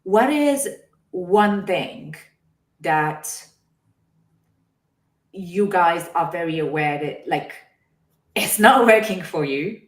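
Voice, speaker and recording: A woman's voice: on the low side, expressive, very slow, long pauses, reverberant. A woman hosting a podcast interview, thoughtful and searching for her words. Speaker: podcast host.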